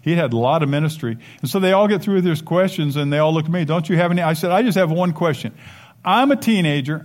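An older male pastor delivers a sermon in an emphatic, conversational way, breaking off into casual asides. His voice sits a little higher than most men's. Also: a little mellow.

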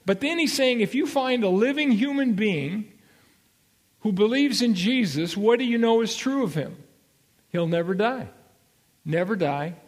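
A man's voice: extremely high pitch, lively intonation, normal speed. A man giving an expository Bible lesson, emphatic and checking in with his listeners, repeating his key points. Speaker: Bible teacher.

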